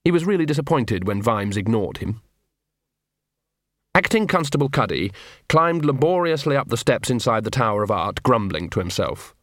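Male audiobook reader, mid pitch, measured, very dry studio sound. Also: big pitch swings, fairly bright tone, dry recording. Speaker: audiobook narrator. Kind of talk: scripted narration.

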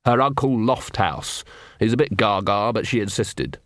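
Tired, nervous city watchman read by a male narrator, clipped and low, dry sound. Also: expressive, moderate pace, fairly bright tone, no echo.

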